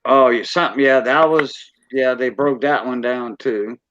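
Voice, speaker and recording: A man hosting a relaxed livestream chat, stopping and restarting his thoughts and filling gaps with "yeah." The sound is dry and dull, as if heard over lo-fi stream audio. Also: mid-range voice, normal speed, dry recording. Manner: hesitant, repeats "yeah" a lot. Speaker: livestream host. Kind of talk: casual chat.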